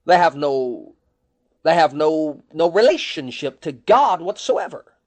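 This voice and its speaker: A man's voice: on the high side, animated, a little slow, darkish tone. A man preaching a sermon, asking rhetorical questions and quoting scripture in old-fashioned wording.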